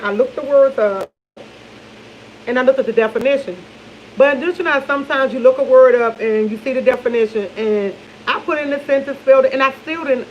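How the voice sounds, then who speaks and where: A woman's voice: a little high, highs cut off, slight background noise. A woman chatting over morning coffee to her viewers, rambling and laughing, often losing her train of thought. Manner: loose and chatty, speaks to viewers as y'all. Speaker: vlogger. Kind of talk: casual morning chat to camera.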